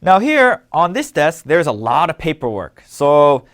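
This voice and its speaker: A man leads a scripted language lesson with a slightly high voice that moves a lot in pitch. He explains each word clearly and patiently. He keeps asking listeners to read along and repeat after him. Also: sing-song, unhurried, a bit bright. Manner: clear, patient instructional delivery. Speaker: language teacher.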